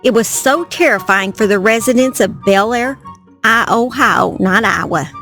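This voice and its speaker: A woman's voice: fairly high pitch, normal speed, sharp tone, faint music behind. Chatty Southern woman telling true crime. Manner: chatty, self-deprecating, easily distracted. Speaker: true crime channel host. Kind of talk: casual storytelling to camera. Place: outdoors by a campfire in the woods at night.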